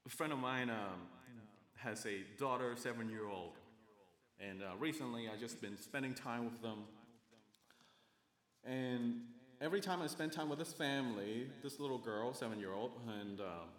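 A man's voice: medium pitch, normal speed, a bit bright, echoey room. A man preaching a sermon as a pastor, earnest and building emphasis, with occasional self-corrections.

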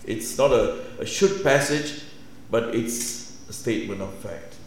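A man's voice: medium pitch, a little slow, a little hiss or hum. Man preaching in a very echoey room. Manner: swings from hushed to loud emphatic, repeats phrases. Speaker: pastor. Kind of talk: sermon.

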